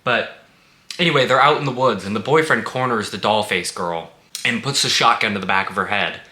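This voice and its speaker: Sarcastic man with a bright, cutting voice. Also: on the low side, brisk. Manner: blunt, sarcastic, swears freely. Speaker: movie reviewer. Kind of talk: casual spoken review. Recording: echoey room.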